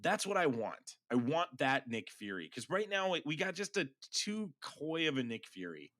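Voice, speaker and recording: Man, podcast co-host, lively swinging pitch, emphatic, enthusiastic. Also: moderate pace. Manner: emphatic, enthusiastic fan opinions. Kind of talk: casual podcast chat.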